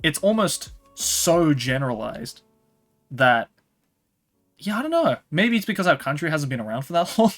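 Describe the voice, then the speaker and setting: A man's voice: on the high side, sing-song, normal speed, a bit bright, faint music behind. An Australian man chatting casually on a livestream, rambling with lots of "like" and "you know". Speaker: streamer. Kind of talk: casual chat.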